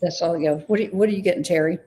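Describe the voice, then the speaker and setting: A woman's voice: lowish voice, rapid-fire, warm tone. A woman giving a live-streamed intuitive reading, tentative and often unsure of the messages she passes on. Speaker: intuitive reader.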